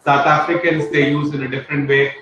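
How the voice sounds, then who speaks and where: A man's voice: on the high side, little pitch movement, a little fast, dull audio, over music. A man giving an informal spoken lesson, rambling with many fillers and tag questions. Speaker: teacher. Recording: very echoey room, faint noise.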